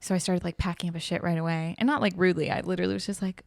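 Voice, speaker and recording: A woman's voice: lowish voice, fairly even intonation, racing, creaky, darkish tone, no echo, clean studio sound. A woman co-hosting a podcast, casually telling a personal story, peppering it with "like" and acting out what people said. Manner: chatty, heavy use of "like", acts out quoted dialogue. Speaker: guest co-host.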